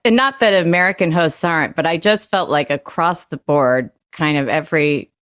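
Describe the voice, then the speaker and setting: A woman's voice: sits low, normal speed, a bit bright, no room sound. A woman guest on a casual podcast, chatty and rambling as she tells stories from home over a video call. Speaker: guest, former sketch comedy writer. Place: at home with her dog.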